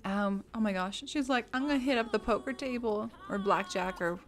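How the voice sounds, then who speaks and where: Here a woman with a medium-pitched voice chats at a normal speed over her game. It's a live stream where she giggles frequently and says hello to viewers by name.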